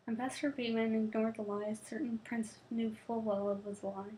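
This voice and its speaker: A woman's voice: a little high, flat delivery, a little fast, few pauses, a little mellow, a little hiss or hum, low-quality recording. A young woman, a student, reading a novel aloud, often tripping and restarting words and adding casual asides. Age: young adult.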